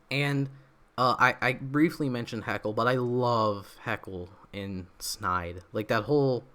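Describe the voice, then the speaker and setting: A man's voice: medium pitch, takes it slowly, pushed and bright. A young man hosting a casual livestream, rambling through his opinions with lots of fillers, restarts and small laughs, his throat feeling a bit off. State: throat feels off. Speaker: livestream host.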